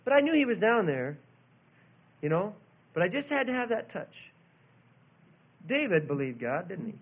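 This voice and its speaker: A man preaching a sermon, telling a childhood story and then reading scripture with loud emphasis. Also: high-pitched, big pitch swings, normal speed. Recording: tinny phone-like old recording.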